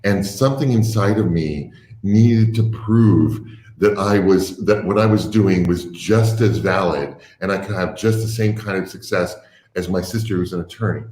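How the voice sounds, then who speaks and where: Deep-voiced man in a roomy room. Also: a little mellow. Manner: reflective, unhurried, with fillers and restarts. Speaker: artistic director, guest. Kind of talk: casual interview chat. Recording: roomy echo.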